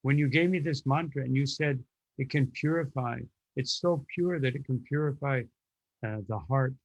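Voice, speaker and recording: A man's voice: mid-range voice, no echo. A man teaching a spiritual lecture, moving through devotional stories and quoting their characters. He talks with many fillers and restarts. The recording is close and dry, with a dull, lo-fi sound. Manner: tells stories with acted quotes, frequent fillers and restarts.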